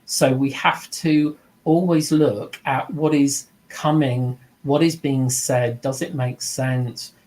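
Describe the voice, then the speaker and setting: A man's voice: mid-range voice, steady tone, takes it slowly, few pauses, darkish tone, low-quality recording. A middle-aged man giving an informal spoken lesson as a mediumship teacher, earnest and reflective, slipping into the voices of people he quotes.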